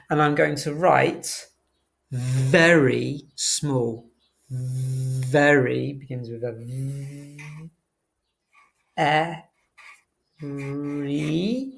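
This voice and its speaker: A primary school teacher, teaching a phonics lesson to young children and slowly sounding out words letter by letter. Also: medium pitch, gravelly.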